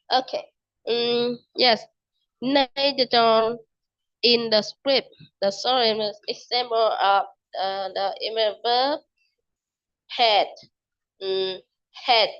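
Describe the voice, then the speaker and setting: Slow, halting higher-voiced woman teaching English. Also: dull audio. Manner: halting, repeats example phrases slowly. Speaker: English learner explaining a podcast. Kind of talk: self-made English lesson.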